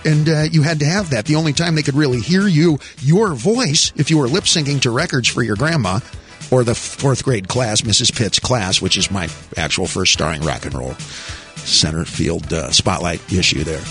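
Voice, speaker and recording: A man's voice: mid-range voice, moderate pace, a bit bright, soft background music. A man hosting a radio show in the studio, joking and rambling, laughing often. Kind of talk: casual radio chat.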